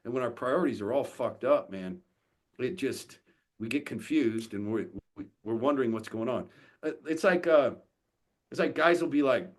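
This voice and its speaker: Blunt, swearing man with a husky low voice. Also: lively intonation, moderate pace. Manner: blunt and profane, acts out quoted dialogue. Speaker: podcast guest, fitness coach for fathers. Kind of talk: casual podcast conversation.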